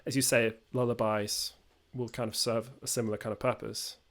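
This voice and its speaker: A man's voice: medium pitch, level tone, moderate pace. A young man from Norway, a native Norwegian speaker, co-hosting a casual chat in English, explaining things with frequent fillers. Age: young adult. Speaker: podcast co-host.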